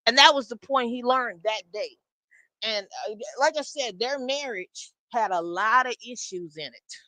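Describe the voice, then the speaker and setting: A woman telling a story in a blunt, animated way. She swears freely and talks straight to her listeners as y'all. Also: a little high, unhurried, no room sound, poor audio. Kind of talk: casual storytime.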